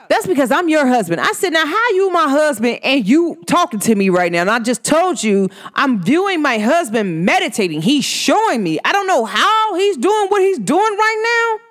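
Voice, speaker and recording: A woman hosting a spiritual podcast, telling a story in a casual, slangy monologue. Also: sits high. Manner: animated, slangy, swearing freely.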